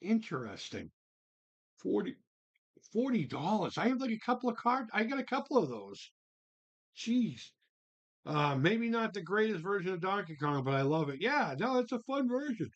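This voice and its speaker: A man chatting on his live stream, his voice lively and swinging widely in pitch, and fairly high for a man. He swears freely, cries out in disbelief and rambles through restarts while reacting to viewers. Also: normal speed, dull audio. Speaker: livestream host reading viewer chat. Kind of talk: casual live-stream chat.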